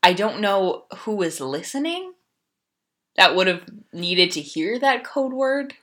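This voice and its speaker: A woman's voice: medium pitch, sing-song, slow pace, fairly bright tone. A young woman co-hosting a casual podcast, reading out facts with dry, self-deprecating asides. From United States. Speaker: podcast co-host. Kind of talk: casual chat.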